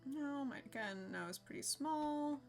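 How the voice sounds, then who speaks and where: A woman's voice: high-pitched, lively intonation, unhurried, faint music behind. A young woman streaming a game, chatting casually with her viewers and laughing often. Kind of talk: casual live-stream chat.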